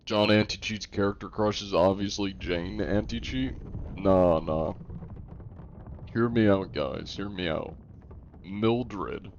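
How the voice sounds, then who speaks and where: Young man, streamer, low-pitched, faint room hum, jokey and self-deprecating. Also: slow, lo-fi sound. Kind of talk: casual live-stream chat.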